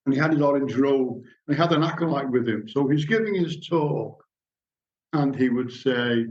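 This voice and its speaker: A man in middle age lectures to a society gathering, weaving anecdotes into his talk and reading passages aloud. His voice sits at an ordinary pitch. The recording is dull and lo-fi. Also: normal speed. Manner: storytelling, reads passages aloud.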